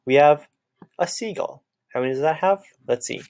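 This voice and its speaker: A man's voice: a little high, moderate pace, darkish tone. A man teaching a children's music lesson, patiently clapping out words and chanting their syllables.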